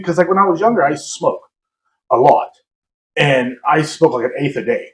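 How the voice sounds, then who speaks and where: A man's voice: a little high, normal speed, a bit bright. A young man co-hosting a podcast, telling a long story in a rambling, self-mocking way and laughing often. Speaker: podcast co-host. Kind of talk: casual storytelling chat. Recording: roomy echo.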